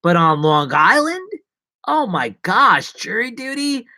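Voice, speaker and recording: Taking it slowly, a man on a solo livestream rambles and jokes around in a sing-song, pushed, bright voice. His casual chatter dips into whispers and springs into squeaky voices.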